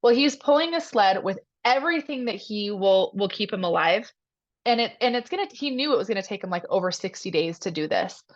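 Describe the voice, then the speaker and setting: Excited woman retelling a story. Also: mid-range voice, fairly quick, dull audio. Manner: excited retelling with many "like"s and "you guys". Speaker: host of a team call. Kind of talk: motivational storytelling to a group.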